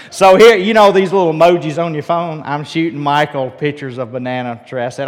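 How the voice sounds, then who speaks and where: A male preacher with a fairly high voice tells a story from the pulpit in a folksy, conversational way. He throws questions out to the congregation and often trips over and restarts his sentences. His voice carries with a long reverb, as in a large hall. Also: lively intonation, normal speed, few pauses. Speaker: pastor.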